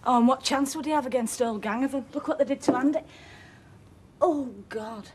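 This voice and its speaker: A woman's voice: high-pitched, fairly quick, a little mellow, a little hiss or hum, close to an everyday voice. An actress playing an anxious, pregnant wife and mother in a TV soap, pleading with urgency. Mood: frightened. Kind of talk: TV soap acting.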